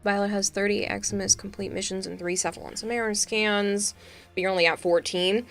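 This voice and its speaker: Woman streamer, casual gaming chat, chatty and joking, mid-pitched voice, soft music behind. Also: fairly even intonation, brisk.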